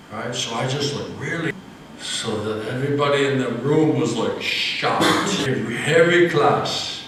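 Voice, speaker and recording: A man, a monk, telling a story in an animated, laughing way during an evening class. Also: medium pitch, measured pace, slight background noise. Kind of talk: storytelling sermon. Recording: echoey hall, mic at a distance.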